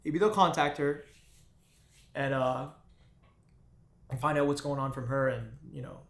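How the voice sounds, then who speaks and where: A man's voice: medium pitch, a bit bright. Man telling a raw personal story, echoey room. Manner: halting, with frequent restarts and fillers. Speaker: vlogger.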